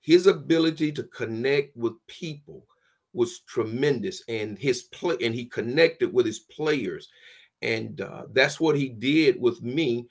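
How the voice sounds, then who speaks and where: A man, a former football player telling a lively story in an interview, with folksy phrasing and laughs. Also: mid-range voice, measured pace, gravelly. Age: 60s.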